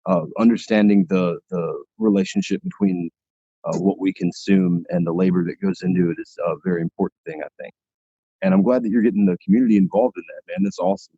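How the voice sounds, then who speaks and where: A man on a podcast speaking thoughtfully and earnestly, a little halting. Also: low-pitched, huge pitch swings, gravelly, warm tone, breathy edge, dry recording, dull audio. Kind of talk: casual podcast chat.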